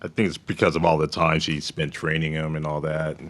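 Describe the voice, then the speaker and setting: A man's voice: very deep voice, flat delivery, brisk. A man co-hosting a podcast in a casual movie-recap chat, laid-back and mostly agreeing. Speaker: podcast co-host.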